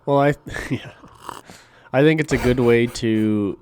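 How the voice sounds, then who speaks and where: A man's voice: mid-range voice, takes it slowly, darkish tone, slight background noise. A man co-hosting a podcast, chatting casually, joking bluntly and swearing. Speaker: podcast co-host. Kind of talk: casual chat.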